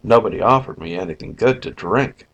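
A man's voice: on the low side, fairly quick, gravelly, fairly bright tone, poor audio. A man voicing a cross, tired grown man who speaks abruptly and complains, in a read story. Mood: grumpy.

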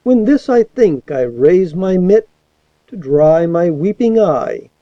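High-voiced man reading a mock-solemn verse. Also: expressive, slow. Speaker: volunteer audiobook reader. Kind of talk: comic poetry reading. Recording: dull, lo-fi dry recording.

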